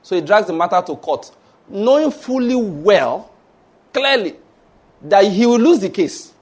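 A Nigerian pastor in full sermon, his voice pitched high for a man. He tells stories and slips into the voices of the people in them. Now and then he bursts into loud, shouted mock prayers. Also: sing-song, unhurried. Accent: Nigerian English.

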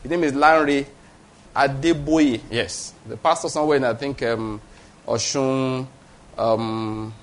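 A man's voice: mid-range voice, fairly even intonation, measured pace. A Nigerian man in his fifties preaching a sermon, emphatic, repeating key phrases and checking in with the congregation. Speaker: pastor.

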